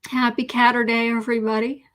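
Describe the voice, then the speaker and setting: Lady doing a rambly live stream, kinda high voice, says hi to everyone by name, whispers to herself a lot. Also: level tone, fairly quick, a bit bright. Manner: rambling, talks to herself, drops into whispered asides; friendly, greets viewers by name. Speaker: livestream tarot reader. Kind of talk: casual live-stream chat.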